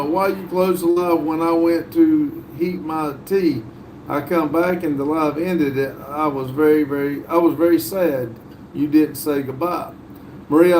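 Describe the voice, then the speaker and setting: A middle-aged man with a North Carolina drawl hosts a relaxed livestream, reading out viewer comments and answering them in an easygoing way. His voice sits a little higher than most men's, with faint background ambience behind him. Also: slight background noise. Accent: Southern US, North Carolina. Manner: easygoing, drawling, many "uh" fillers, reads comments aloud. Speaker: livestream host reading chat. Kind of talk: casual live chat.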